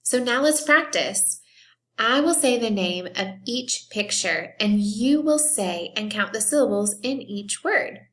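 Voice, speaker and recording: A woman's voice: fairly high pitch, animated, a bit bright. A woman teacher giving a recorded phonics lesson for young children, patiently sounding out and clapping word syllables and praising often. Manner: slow, patient, encouraging, claps and stretches out words.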